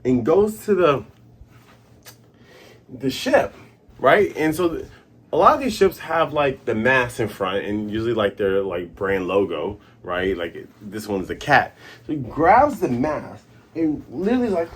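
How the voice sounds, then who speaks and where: A young man recaps a comic chapter in a loose, chatty way, slipping into quick character voices as he goes. His voice is a little husky, and his pitch swings widely and animatedly from line to line. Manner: excitable, acts out characters' lines in quick voices. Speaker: manga review host.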